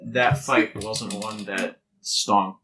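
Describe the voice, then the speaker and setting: A man running a tabletop game, describing what other characters do in a measured way with fillers. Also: lowish voice, steady tone, sharp tone, a little hiss or hum. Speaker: game master.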